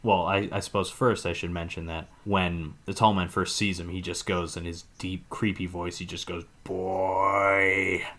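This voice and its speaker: A man's voice: low-pitched, flat delivery, moderate pace, hardly any pauses, fairly bright tone. A man co-hosting a podcast, casually recapping a film's plot in a rambling way, hedging often. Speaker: podcast co-host. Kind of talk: casual movie recap chat.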